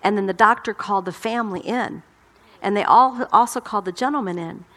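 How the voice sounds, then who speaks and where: A woman's voice: mid-range voice, brisk, a bit bright. A middle-aged woman pastor delivering a sermon, emphatic and impassioned, often repeating her words.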